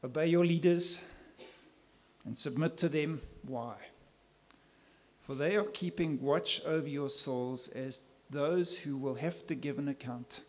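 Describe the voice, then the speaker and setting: Male pastor, slightly raised pitch, emphatic church sermon delivery. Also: a little slow. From South Africa. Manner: earnest, emphatic preaching with rhetorical questions.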